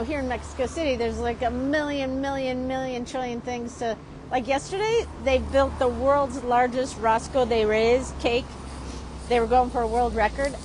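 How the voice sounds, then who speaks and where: A woman from Chicago, a drawing teacher, telling a story in a lively, chatty way while she draws. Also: fairly high pitch, slight background noise. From Chicago, USA. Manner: lively, keeps asking "right?".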